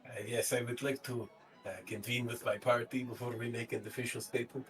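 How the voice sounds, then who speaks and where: A man playing a tabletop game who picks his words slowly and hesitantly. He sounds a bit distant from the microphone, with soft music playing. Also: mid-range voice, flat delivery. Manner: hesitant, measured. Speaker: player.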